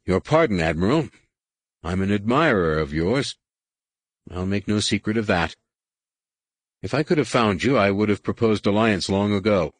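A man's voice: fairly low pitch, animated, moderate pace, long pauses, dry recording, voice pushed up. A man reading the part of a proud, prickly young warrior who speaks curtly and formally.

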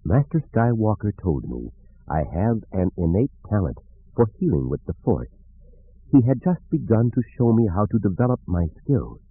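A man voicing a grave, hesitant female Calamarian Jedi trainee in an audiobook, with a thin, husky voice and a slow, solemn manner. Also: fairly low pitch, very animated. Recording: narrow phone-like audiobook recording.

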